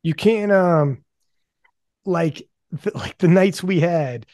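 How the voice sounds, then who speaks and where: Animated, gravelly-voiced man host. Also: high-pitched, slow pace, no room sound, clean studio sound. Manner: animated, swearing, many restarts. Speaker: podcast host. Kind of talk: casual chat.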